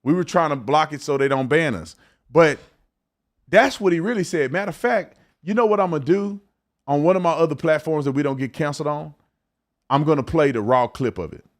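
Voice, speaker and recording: A man's voice: on the high side, a little fast. A man hosting a commentary show, talking bluntly and repeating words as he reacts to clips. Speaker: show host.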